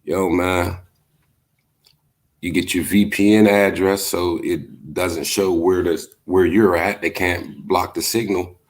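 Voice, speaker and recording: Deep, slow, laid-back man. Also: fairly even intonation. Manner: laid-back, profane, drawn-out storytelling with many fillers. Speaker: livestream host. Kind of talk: casual chat, storytelling, reading comments.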